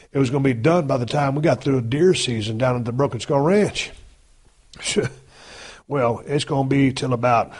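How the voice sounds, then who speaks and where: A man in his fifties hosting a podcast, talking in a casual, blunt and heavily profane folksy monologue. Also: mid-range voice. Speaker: podcast host.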